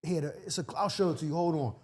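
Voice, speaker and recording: A man hosting a podcast, telling a rapid, slangy anecdote in casual chat. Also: a little high. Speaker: podcast host.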